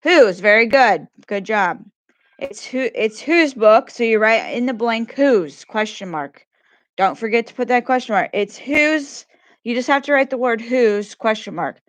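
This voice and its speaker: A woman's voice: fairly high pitch, lively intonation, a little slow, no room sound. A woman teacher giving a grammar lesson to children, patiently repeating questions and praising answers.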